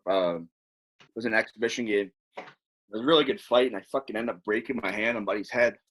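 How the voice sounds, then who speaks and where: On a podcast, a man who used to play hockey spins lengthy, meandering tales in a casual, profane way. His voice is on the low side, fast and breathy-edged, and he tells them with animation.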